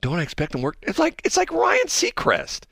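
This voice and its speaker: A man's voice: high voice, wildly swooping pitch, a little fast, gravelly, a bit bright, no echo. A middle-aged man hosting a live morning radio show in a joking, rambling manner, at a studio mic. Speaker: radio host.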